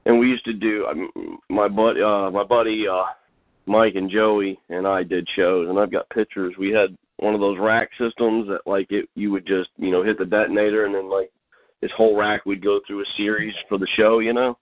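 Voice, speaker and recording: A man with a low voice rambles through a memory in relaxed chat, full of fillers and restarts. The audio is narrow and phone-like. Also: normal speed, dry recording. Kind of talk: casual chat.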